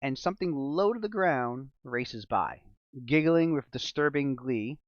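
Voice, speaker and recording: Lively profane game-master man. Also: medium pitch, unhurried, no echo, lo-fi sound. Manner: profane, laughs often, mixes loose chat with dramatic description. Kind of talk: tabletop game narration, casual.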